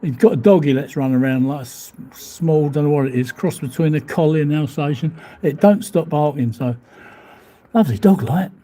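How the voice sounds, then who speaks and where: A man's voice: on the high side, moderate pace, dark tone. Chatty man live-streaming. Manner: rambling, chatty, laughs often, swears mildly. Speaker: vlogger reading live chat. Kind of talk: casual live-stream chat. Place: hotel room overlooking the seafront.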